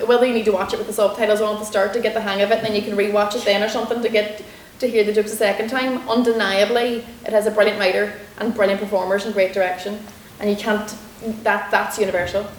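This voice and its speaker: A woman with a Derry accent from Northern Ireland, a comedian and actor telling anecdotes in an interview, chatty and animated. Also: medium pitch, quick pace. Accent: Derry, Northern Irish. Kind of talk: storytelling interview answers. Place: lecture room in a university building. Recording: roomy lecture hall with faint hiss.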